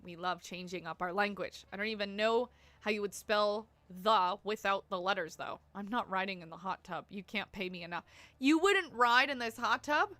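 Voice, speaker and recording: A woman's voice: mid-range voice, steady tone, moderate pace, bright, forceful tone, no room sound. A young woman streaming a life-sim game, chatting to her viewers in a rambling, laugh-filled way. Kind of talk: casual live-stream chat.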